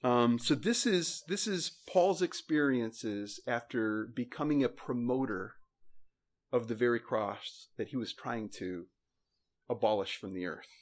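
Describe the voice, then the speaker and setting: A male pastor delivering a sermon from the pulpit. He reads scripture slowly and with weight, pressing on key words, and speaks with earnest, moved feeling. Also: medium pitch, lively intonation.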